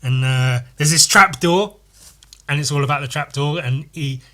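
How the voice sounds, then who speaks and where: Male podcast host with a bright, tense voice. Casual, profane and playful, riffing on his sketchbook. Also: on the high side, normal speed. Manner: swears constantly, playful, jumps into loud goofy voices. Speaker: artist hosting a solo podcast. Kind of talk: casual rambling chat while sketching.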